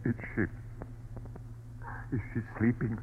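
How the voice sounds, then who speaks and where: A man's voice: mid-range voice, level tone, takes it slowly, slight background noise, close to an everyday voice. An actor playing a desperate husband losing his nerve, stammering and crying out, in a 1940s radio play on a tinny old recording. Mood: anguished. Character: desperate husband unravelling with horror.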